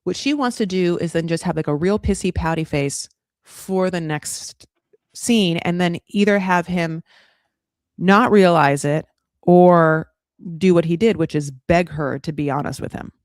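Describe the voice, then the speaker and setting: A woman hosting a casual recap podcast, chatty and gossipy, quick to act out the people she discusses. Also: lowish voice, dry recording, studio quality. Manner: chatty, gossipy, acts out the cast in quick voices. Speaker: podcast host recapping a reality show. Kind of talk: casual chat.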